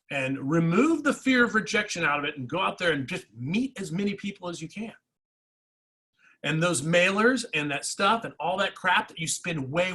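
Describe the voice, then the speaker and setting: A man giving a motivational real estate coaching talk, energetic and repetitive, speaking straight to his agents. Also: high voice, breathy edge, rough recording. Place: training session.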